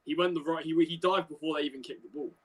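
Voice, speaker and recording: A young man co-hosting a football stream, calling the match live in quick, clipped, excitable bursts. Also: on the high side, poor audio. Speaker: co-host giving live match commentary. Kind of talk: casual live play-by-play commentary.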